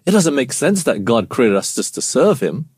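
A man's voice: medium pitch, big pitch swings, moderate pace, a little mellow, husky, dry recording, studio quality. A man co-hosting a casual Bible study show, explaining verses and asking his co-host questions.

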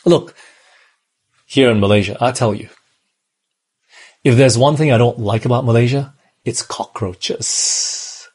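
A man who grew up in Australia preaches a sermon. His voice is very husky and rough, at an ordinary pitch for a man. He talks in a conversational way and keeps turning to the listeners with questions. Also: normal speed, pauses often, darkish tone.

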